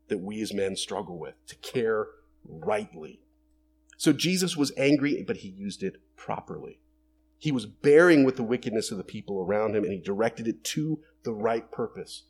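A man's voice: medium pitch, a little mellow, slight background noise. A man preaching a sermon in an earnest way, building to emphatic bursts and acting out the quoted lines. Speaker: pastor.

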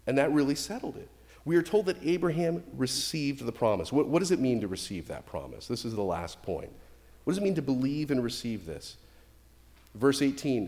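A middle-aged male pastor delivers a sermon with an animated, emphatic manner. His pitch leaps and dips often as he stresses points. A long hall reverb trails behind his voice. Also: a little fast. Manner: animated, emphatic preaching with swings in loudness.

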